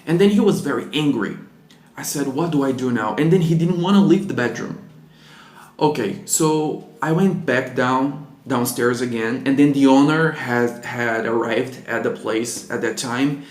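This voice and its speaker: A man's voice: medium pitch, measured pace. Portuguese-accented man telling a story. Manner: animated, acts out the people in his story. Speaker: vlogger. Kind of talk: casual storytelling. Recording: echoey room.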